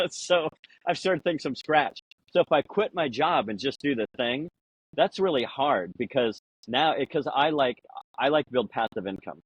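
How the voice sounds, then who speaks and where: A man in a casual podcast conversation, rambling through anecdotes with lots of "you know" and acting out quoted lines in a higher voice. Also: husky, muffled recording. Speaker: podcast guest.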